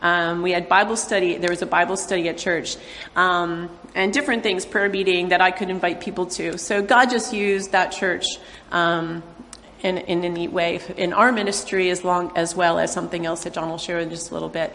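A woman, a missionary, speaks to a church congregation in a halting way, with many fillers. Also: lowish voice, fairly even intonation, a bit bright, a little hiss or hum. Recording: long reverb of a large hall.

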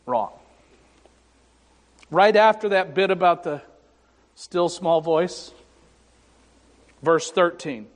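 Pastor, male, high and unhurried; wry, self-mocking sermon delivery with pauses, long church reverb. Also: expressive. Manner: slow and deliberate, with dramatic pauses; wry, self-deprecating humor. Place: church sanctuary. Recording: echoey sanctuary reverb.

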